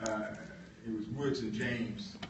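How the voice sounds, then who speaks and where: Brief: bright-toned male author at a lecture, heard from across a roomy hall with faint hum. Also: fairly low pitch, slow, recorded from a distance. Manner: animated, acts out voices. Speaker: author giving a talk. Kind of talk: lively storytelling lecture.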